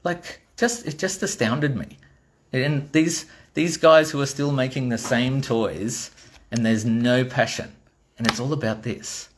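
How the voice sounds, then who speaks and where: A man's voice: mid-range voice, measured pace, slight background noise. A middle-aged Australian man, a toy designer, giving a blunt, exasperated ranting monologue and swearing freely.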